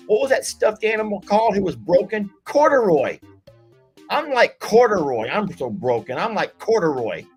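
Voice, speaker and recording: Husky, folksy man hosting a stream. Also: high-pitched, normal speed, hardly any pauses, faint music behind. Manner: folksy, chatty and animated. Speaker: livestream game host. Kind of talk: casual live-stream chat, reading viewer comments.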